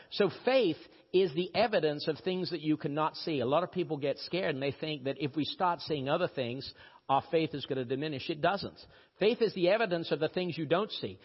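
A man from Brazil with a slight British-tinged accent, preaching a sermon in a storytelling way with sudden rises in pitch for emphasis. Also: husky. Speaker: pastor. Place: church. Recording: dull lo-fi audio with long church reverb.

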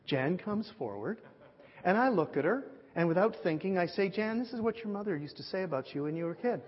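Pastor type, man, slightly high and husky voice, spins animated anecdotes from the pulpit. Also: brisk. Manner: animated storyteller, acts out dialogue. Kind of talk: sermon storytelling. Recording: muffled sound with long hall reverb.

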